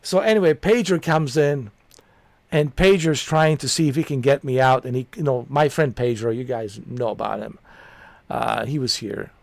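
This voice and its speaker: A man's voice: mid-range voice, normal speed, gravelly, no room sound. A man who streams games, telling a long story in a loose, chatty way, full of "man", "dude" and "you know". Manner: amused, laughs at his own story. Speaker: gaming streamer. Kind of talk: casual rambling storytelling.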